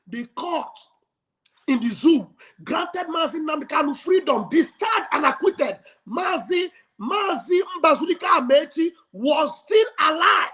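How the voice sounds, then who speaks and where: A man hosting a livestream, giving a fiery, preacher-like speech full of shouting and call and response. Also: very high-pitched. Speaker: livestream host. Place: home livestream studio.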